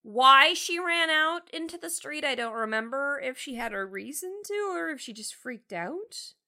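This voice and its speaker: A woman's voice: high-pitched, animated, normal speed, bright, forceful tone. A woman co-hosting a podcast, enthusiastically discussing a classic film. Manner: enthusiastic, opinionated, swears. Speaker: podcast co-host.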